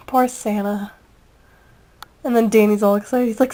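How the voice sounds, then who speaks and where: Slow-talking, giggly young woman. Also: medium pitch, fairly even intonation, dark tone, low-quality recording. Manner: giggly, rambling, gushing. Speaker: video reviewer. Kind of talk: casual chat.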